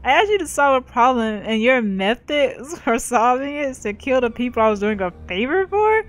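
A woman's voice: medium pitch, moderate pace, natural voice, rough recording. A woman gamer reading out the lines of an irritated woman crime fixer, blunt and threatening. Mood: angry.

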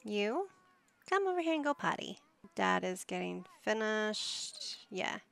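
Slow-talking woman with a gravelly voice. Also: mid-range voice, big pitch swings, a bit bright. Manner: chatty, coaxing, talks to characters like a parent. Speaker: gaming YouTuber. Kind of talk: casual gameplay commentary.

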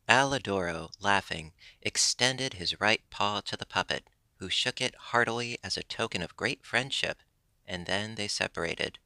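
A man narrates a classic storybook in a measured pace. His voice sits low with a gravelly texture and a bright, forward edge. The recording is close and dry. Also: no room sound. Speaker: audiobook narrator. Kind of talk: scripted narration.

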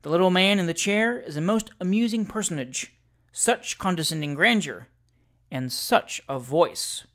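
An audiobook reader giving a measured, deliberate scripted narration of classic sketches. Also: medium pitch, expressive, fairly bright tone.

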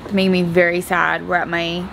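A woman's voice: on the low side, level tone, brisk, vocal fry, a bit bright. Woman, casual vlogger, chatty and rambling, faint background hum. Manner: chatty, rambling, frequent "like" and "I feel like". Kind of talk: casual vlog chat. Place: at family's house, working on a van.

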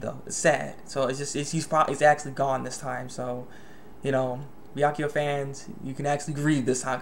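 A young man giving a casual spoken manga review, excitable and stammering with many restarts. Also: mid-range voice, a little hiss or hum.

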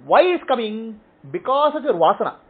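High-voiced man teaching, phone-line sound. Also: very animated, a little fast, husky. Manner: explains in short repeated phrases, checking with "okay?". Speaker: spiritual teacher. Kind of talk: teaching answering questions. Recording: tinny phone-like audio.

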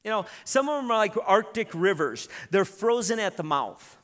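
A middle-aged man preaching a sermon, telling a lively story with many repeated starts. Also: sits high, moderate pace. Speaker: pastor. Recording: long reverb in a church hall.

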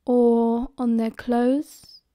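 A woman's voice: a little high, little pitch movement, extremely slow, warm tone, dry recording. A woman doing a curt, moody British schoolboy. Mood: sullen.

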